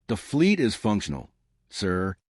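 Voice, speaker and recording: A man's voice: lowish voice, huge pitch swings, measured pace, darkish tone, husky, no echo, studio quality, exaggerated voice. A man voicing a nervous male alien aide who reports in a hesitant, apologetic way. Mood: sheepish.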